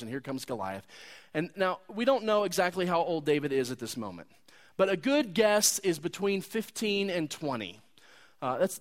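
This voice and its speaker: A man preaching a sermon, retelling a story in a conversational, animated way. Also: high-pitched. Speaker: pastor.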